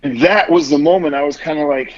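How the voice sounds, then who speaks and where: A man's voice: on the high side, fast talker, lo-fi sound. A man guest on a podcast telling a long story in casual talk, rambling and swearing often, acting out what others said. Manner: rambling, heavy swearing, acts out quotes.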